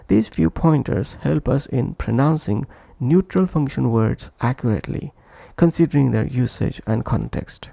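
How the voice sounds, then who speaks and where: A man narrating a scripted pronunciation lesson, slow and deliberate, repeating each example phrase for practice. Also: medium pitch, gravelly, mellow, dry recording. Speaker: English pronunciation teacher.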